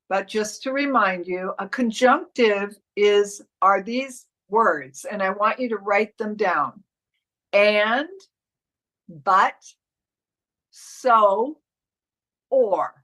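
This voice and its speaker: A woman's voice: mid-range voice, a bit bright, rough recording. A woman coach teaching a live online class, walking students step by step through marking up a commercial script, with frequent restarts.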